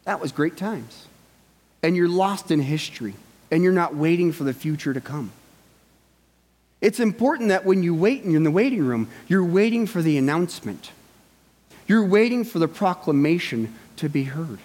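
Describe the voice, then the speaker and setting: A man's voice: a little high, lively intonation, moderate pace, a little mellow, long reverb tail. A male pastor giving a sermon in a conversational way, often checking in with his listeners. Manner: conversational, with frequent "right?" asides.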